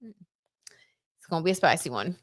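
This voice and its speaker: This tarot reader hosts a relaxed livestream in a voice that sits low, with lively intonation and a measured pace. Chatty, she reads viewer comments aloud and often says "like" and "I don't know"; the audio is dry and studio-quality.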